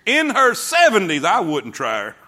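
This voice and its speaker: A man preaching a sermon to his congregation, telling folksy stories and swinging between hushed asides and shouting. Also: high-pitched, wildly swooping pitch, normal speed, a little hiss or hum. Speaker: pastor. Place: church sanctuary before a congregation.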